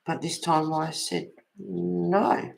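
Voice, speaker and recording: Gravelly man, a colouring host with easy, rambling chatter. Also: high voice, steady tone, slow, rough recording. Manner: chatty, rambling anecdotes with laughs. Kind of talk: casual chat while colouring.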